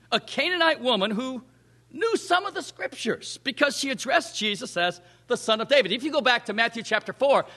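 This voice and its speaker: High, bright-voiced animated preacher. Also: male voice. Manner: animated, acts out the quoted voices in the scripture story. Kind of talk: sermon.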